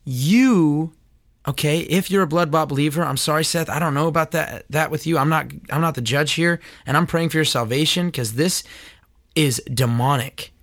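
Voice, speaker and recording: Male commentary host, earnest and preachy, with a higher-pitched voice and dry, close audio. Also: moderate pace, dry recording. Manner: earnest, preachy, stammering restarts. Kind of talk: critical commentary on church teaching.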